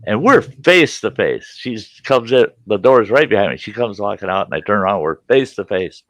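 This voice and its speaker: A middle-aged livestream host tells his chat a salty, folksy story, laughing often. His voice sits on the low side, expressive and brisk, with no echo.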